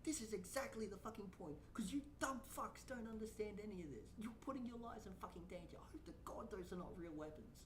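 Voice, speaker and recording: A woman's voice: medium pitch, quick pace, hardly any pauses, roomy sound, distant mic, noisy background. A woman VTuber streamer giving blunt, profane reaction commentary and ranting at what she watches.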